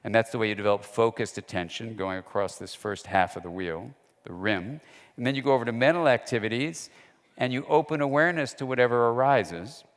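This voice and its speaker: At a medium pitch and a slightly fast clip, a man lectures in a chatty, anecdotal way, performing the dialogue he quotes. His voice rings with the long reverb of a hall.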